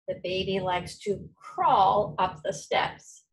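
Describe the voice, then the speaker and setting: A woman teacher giving a phonics lesson to young children, slowly modeling each sound for the class to repeat. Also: mid-range voice, animated, recorded from a distance, low-quality recording. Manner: slow, clear modeling of sounds for pupils to repeat.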